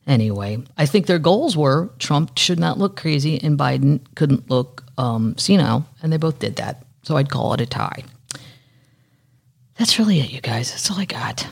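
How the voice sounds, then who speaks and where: A woman's voice: deep voice, animated, normal speed, gravelly, slightly rough. Chatty, profane woman podcast host. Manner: chatty, profane, rambling, with sudden soft whispered asides. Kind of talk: casual solo podcast chat.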